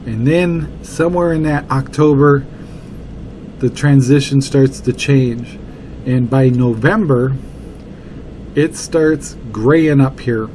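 Middle-aged male podcast host, mellow tone, chatty and repetitive, cheap motel-room mic with a faint noise bed. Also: mid-range voice, takes it slowly. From Washington State, USA. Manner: rambling, conversational, repeats words for emphasis. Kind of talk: casual solo podcast talk. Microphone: cheap mic that picks up room noise.

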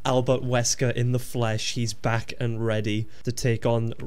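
A young man giving casual gameplay commentary as a video host, excitable and sweary, laughing often and yelping at surprises. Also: mid-range voice, a little slow, clean tone.

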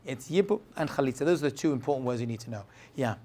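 A man's voice: mid-range voice, expressive, rapid-fire, dark tone, slight background noise. A man teaching a Torah class as a rabbi, asking rhetorical questions and checking that his students follow.

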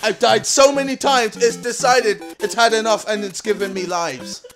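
High bright exasperated young man. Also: fairly even intonation, moderate pace, faint music behind. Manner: exasperated, swearing, yelling at the game. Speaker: gaming commentator. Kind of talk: let's-play commentary.

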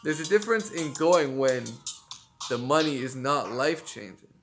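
A high-pitched man riffs through a casual commentary, cursing and sounding exasperated as he rants and laughs. Faint music sits under his voice. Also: expressive, normal speed. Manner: profane, exasperated ranting with laughs. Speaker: boxing news commentator.

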